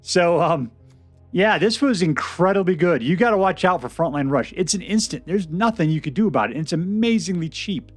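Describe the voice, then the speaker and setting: A man giving casual, chatty commentary on a card game he is playing, thinking out loud with restarts and bursts of excitement. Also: sits high, normal speed, dry recording, soft background music. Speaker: game streamer. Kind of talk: casual gameplay commentary and deck review.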